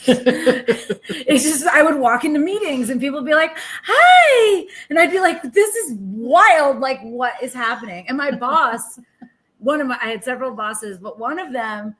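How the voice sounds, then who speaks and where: A woman podcast co-host in casual chat, talking in an animated way and slipping into mocking impressions. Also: high voice, normal speed, pauses often. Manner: chatty, animated, breaks into impressions.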